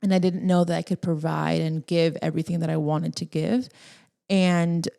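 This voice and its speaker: Young woman, podcast host, mellow and a bit gravelly, rambling and emotional, laughs often. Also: low-pitched, flat delivery, normal speed. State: tearful at times. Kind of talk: casual solo podcast talk.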